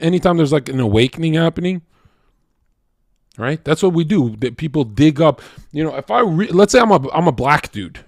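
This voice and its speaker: A young man ranting casually on a livestream, profane and rambling, with many restarts and rhetorical questions, swinging from loud and worked up to low muttering. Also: dry recording, clean studio sound. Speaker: streamer.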